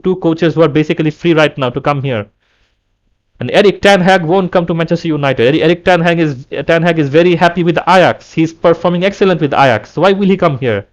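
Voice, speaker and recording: A man in a heated fan rant, with a slightly high voice. He talks in a fed-up way, repeats himself and often restarts his sentences. It is a casual solo vlog. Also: highs cut off. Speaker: football fan vlogger. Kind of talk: angry fan rant to camera.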